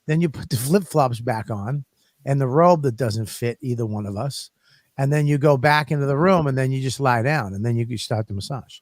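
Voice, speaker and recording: A man's voice: medium pitch, a little fast, no echo, studio quality. A man co-hosting a podcast, telling crude stories in a rambling, profane way. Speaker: podcast co-host. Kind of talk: casual comedic chat.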